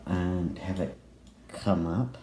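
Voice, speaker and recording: A man giving casual let's play commentary while he builds, musing and halting with many pauses and fillers. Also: deep voice, dark tone. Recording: echoey room, faint noise.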